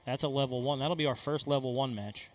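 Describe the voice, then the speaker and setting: A man giving live color commentary at a darts tournament, casual and quick with joking asides. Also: mid-range voice, faint music behind.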